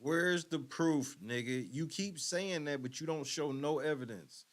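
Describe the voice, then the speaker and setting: A man's voice: fairly high pitch, unhurried. A man hosting a podcast, reacting to a clip with blunt, profane, mocking commentary. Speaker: podcast host. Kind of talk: casual commentary.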